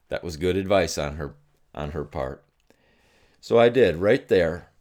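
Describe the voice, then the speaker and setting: A middle-aged man giving devotional teaching, telling a personal story slowly and earnestly with reflective pauses. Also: sits low, darkish tone. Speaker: Christian teacher.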